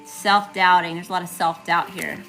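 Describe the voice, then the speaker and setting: A woman's voice: fairly low pitch, level tone, normal speed, gravelly, over music. A woman with a Southern accent doing a live tarot reading, chatty and casual, greeting viewers by name between cards. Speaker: tarot reader.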